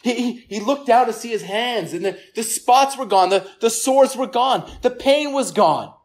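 A pastor preaching a sermon to a gathered congregation. The delivery is earnest, often repeats words, and falls quiet for emphasis. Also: medium pitch, lively intonation, moderate pace. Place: church service room with listeners.

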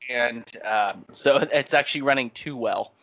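Bright-voiced chatty man telling stories. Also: mid-range voice, unhurried. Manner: rambling, animated storytelling with many fillers. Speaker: podcast co-host. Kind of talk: casual chat.

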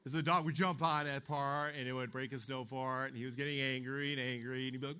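A man's voice: mid-range voice, steady tone, quick pace, hardly any pauses, bright, forceful tone, clean tone. A young man preaching a youth sermon in a chatty way, checking in with "okay?" and "right?" as he talks. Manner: chatty, keeps asking the room "okay?" and "right?". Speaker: youth pastor.

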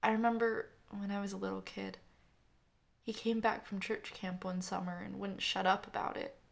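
A woman narrator voicing a grieving young woman who gives a halting, tearful eulogy for her brother. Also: mid-range voice, level tone, vocal fry, lightly acted. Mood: reminiscing.

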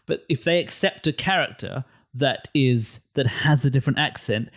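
A man co-hosting a casual film chat, opinionated and animated, often restarting his words. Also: mid-range voice, normal speed.

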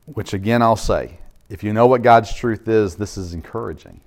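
A man's voice: fairly low pitch, moderate pace. A middle-aged man, a pastor, preaching a sermon in a conversational way, with frequent fillers and restarts.

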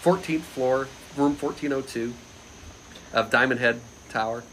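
Animated man telling a story, bright voice. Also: mid-range voice, a little slow, slight background noise. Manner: animated, loose, frequent laughter, shouts quoted lines loudly. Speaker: podcast guest. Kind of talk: casual anecdote storytelling.

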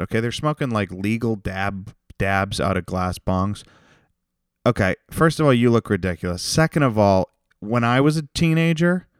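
A man hosting a podcast alone, ranting in a rambling, profane, jokey way with sudden loud bursts. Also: medium pitch, smooth, no echo, clean studio sound. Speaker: podcast host. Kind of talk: solo comedic rant.

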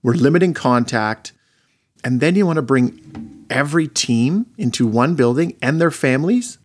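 A man's voice: mid-range voice, expressive, moderate pace. A man co-hosting a casual sports podcast, talkative and opinionated, leading the conversation. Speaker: podcast co-host.

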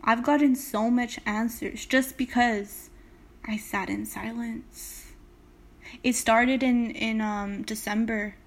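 A woman's voice: fairly high pitch, steady tone, takes it slowly. A young woman from California hosting a casual motivational podcast, talking straight to her listeners with emphatic, swear-laced storytelling. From Salinas, California. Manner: emphatic, swears freely, speaks directly to listeners. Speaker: podcast host.

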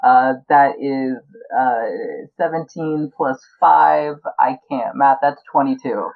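A woman's voice: very deep voice, takes it slowly, vocal fry, phone-quality sound. A woman playing a tabletop game, hesitant and full of uhs as she works out numbers. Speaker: player.

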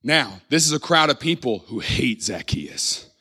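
A man from the Midwest preaches in a church, telling the story with animated energy and often breaking into laughter. He slips into little acted-out voices for the people he describes. His voice sits at an ordinary middle pitch for a man. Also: a little slow, slightly rough. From American Midwest. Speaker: pastor. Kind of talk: sermon.

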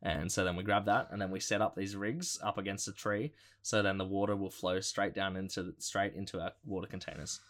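A man co-hosting a podcast, chatting casually and excitedly, laughing often and using lots of fillers. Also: low voice, brisk. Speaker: podcast co-host. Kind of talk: casual chat.

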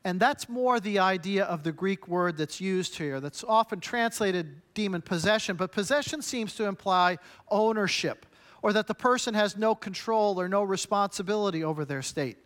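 Male pastor, higher voice, punchy emphatic sermon delivery. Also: normal speed, a bit bright. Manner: emphatic, punchy preaching with short repeated phrases.

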